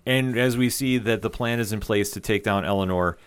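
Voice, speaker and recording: A man with a low, smooth voice recaps an episode for a podcast. He talks casually and keeps the story going with fillers and quick asides. His energy is enthusiastic. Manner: enthusiastic, rambling retelling with fillers. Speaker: podcast co-host.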